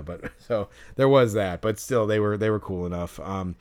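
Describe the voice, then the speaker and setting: Smooth-voiced man telling rambling stories. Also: fairly low pitch, moderate pace, a little mellow. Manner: rambling storytelling, many fillers and restarts; exasperated, sarcastic about fans. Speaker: podcast co-host. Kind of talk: casual podcast chat.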